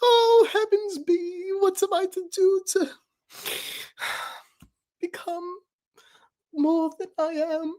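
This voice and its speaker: A woman's voice: very high voice, fairly even intonation, drawn-out words, long pauses, dark tone, pitched above the performer's own voice, full character voice. A woman voicing a melodramatic, self-pitying show-off who wails theatrically. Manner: wailing, theatrical.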